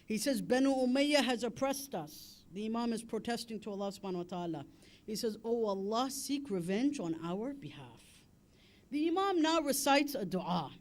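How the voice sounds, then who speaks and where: High-voiced impassioned male preacher. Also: expressive, normal speed. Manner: impassioned, building to a wailing lament; recites Arabic in a chanting cadence. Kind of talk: Muharram sermon with elegy.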